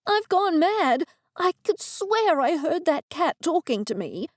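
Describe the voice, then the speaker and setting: A woman's voice: very high voice, sing-song, a little slow, no echo, clean studio sound, voice pushed up, exaggerated voice. A woman voicing a sixty-year-old heroine who sputters and shrieks in agitation. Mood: panicked.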